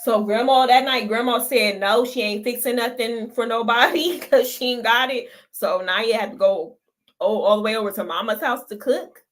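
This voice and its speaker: A woman's voice: on the high side, moderate pace. A woman hosting a casual reaction commentary, chatty and gossipy, laughing often as she talks. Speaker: reaction channel host.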